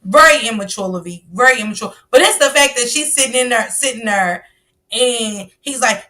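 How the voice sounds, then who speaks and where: A woman's voice: on the high side, expressive, fairly quick, sharp tone. A woman hosting a stream, giving blunt, slangy commentary on a clip. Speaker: stream host. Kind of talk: casual commentary on a news clip.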